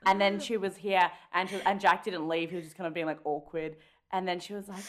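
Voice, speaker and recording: A woman's voice: fairly low pitch, fairly even intonation, fairly quick. An Australian woman co-hosting a podcast, telling a long rambling story in casual chat, full of fillers and swearing. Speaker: podcast co-host.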